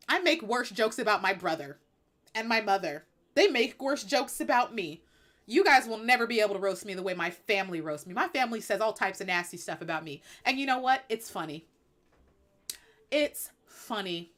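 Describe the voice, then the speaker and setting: A woman with a fairly high voice hosts a live stream, talking bluntly and with plenty of sass. She leans hard on her points in an emphatic, opinionated way. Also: lively intonation, moderate pace, a bit bright. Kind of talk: opinionated casual chat.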